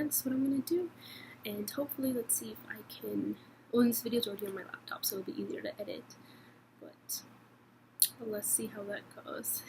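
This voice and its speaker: A woman's voice: mid-range voice, background noise. A young woman vlogging in a chatty, rambling way, with many fillers and repeated phrases. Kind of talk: casual chat to camera.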